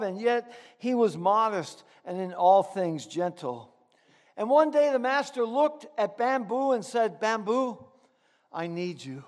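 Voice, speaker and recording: High-voiced man preaching in a hall. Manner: earnest, with dramatic pauses. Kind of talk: sermon with storytelling. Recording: echoey hall.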